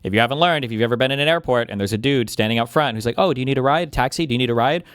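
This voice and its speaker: A man reacting on a live stream, ranting in profane, animated asides. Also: medium pitch, racing, clean tone, no room sound, clean studio sound. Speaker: streamer reacting to a podcast clip.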